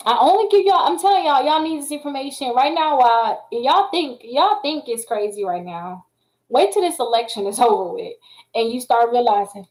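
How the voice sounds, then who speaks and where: A high-voiced woman talks to her viewers in a chatty, animated way. She coaches on credit repair in a loose, casual live-stream style. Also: moderate pace, rough recording.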